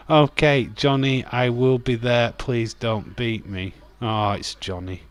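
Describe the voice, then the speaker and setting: A man's voice: mid-range voice, steady tone, slow pace, smooth. A young man casually commenting on a wrestling watch-along, rambling and swearing while reading chat. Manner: rambling, chatty, swears and laughs, reads chat aloud. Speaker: streamer hosting a watch-along. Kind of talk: casual live-stream commentary.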